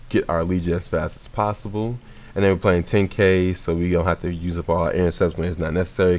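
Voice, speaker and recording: Yawning and drowsy, a young man offers laid-back commentary on his card game in a low voice. He tends to ramble and frequently corrects himself.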